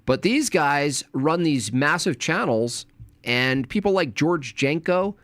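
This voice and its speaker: A man in a livestream commentary, irritated and mocking, who slips into soft put-on voices to mimic people. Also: on the high side, animated, takes it slowly, no room sound.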